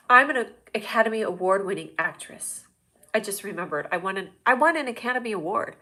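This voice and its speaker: A woman's voice: medium pitch, expressive, brisk, bright, forceful tone. A woman hosting a livestream show, chatting in a rambling, jokey way straight to her viewers. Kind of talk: casual livestream chat.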